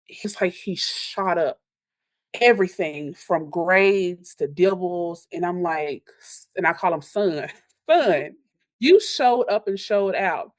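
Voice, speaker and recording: A woman teacher, telling animated stories in a podcast interview and acting out what her students say. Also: on the low side, dry recording. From Louisiana. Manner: animated storyteller, acts out quotes from kids. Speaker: elementary school teacher.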